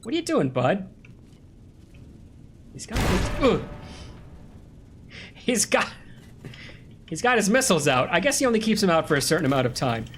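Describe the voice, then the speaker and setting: A man's voice: high voice, sing-song, normal speed, pauses often, fairly bright tone, slight background noise. A young American man streaming a game, chatting casually with viewers and rambling through stories while laughing at himself. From United States. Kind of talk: casual live-stream chat while gaming. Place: home streaming room with a green screen.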